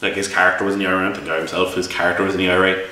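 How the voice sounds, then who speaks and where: Irish man, low voice with a bright edge, rambling game review, echoey room, distant mic. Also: little pitch movement, racing. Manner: rambling, exasperated storytelling with many restarts. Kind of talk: casual spoken review.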